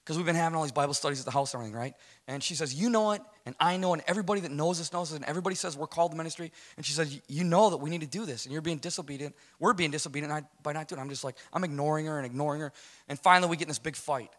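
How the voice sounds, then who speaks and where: Speaking rapid-fire in a high, slightly bright voice, a middle-aged American guest shares an emotional testimony. He tells it as a story, acts out the dialogue, and keeps checking in with "right?".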